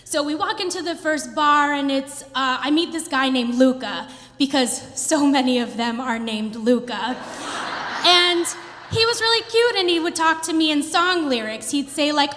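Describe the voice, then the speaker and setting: Woman in her 30s doing stand-up on stage, high voice, big hall reverb, faint room noise. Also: moderate pace. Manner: animated storytelling with playful put-on quotes. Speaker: stand-up comedian. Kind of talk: stand-up comedy routine. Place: theater stage before a live audience.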